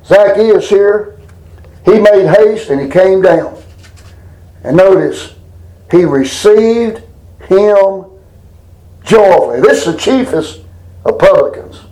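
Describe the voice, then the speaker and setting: A man preaching a plain-spoken Bible lesson. His voice sits very high for a man, and it climbs even higher when he reads verses with emphasis. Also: slow pace, long pauses, low-quality recording. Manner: folksy, emphatic, reads scripture aloud with rising pitch. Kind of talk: informal Bible teaching.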